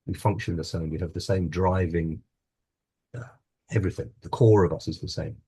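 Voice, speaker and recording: Low mellow voice, guy from scotland, earnest reflective panel storytelling. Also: moderate pace, breathy edge. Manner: earnest, reflective, with restarts and laughs. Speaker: wellbeing coach, panel guest. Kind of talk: personal storytelling in a panel talk.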